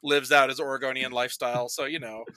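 A man's voice: mid-range voice, flat delivery, fast, pushed and bright, clear, resonant tone, no room sound. A man on a casual podcast, recapping movies in a rambling, profane way, full of "like" and acted-out quotes. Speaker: podcast guest reviewing movies.

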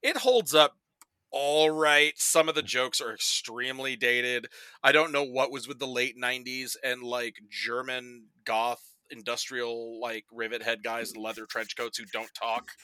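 A man with a very bright, cutting voice, talking casually as a guest on a podcast. He rambles animatedly, says "like" constantly and slips into quick put-on voices to quote people. The sound is close and dry. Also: mid-range voice, fairly even intonation, clean tone, no room sound. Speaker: podcast guest presenting a movie bracket.

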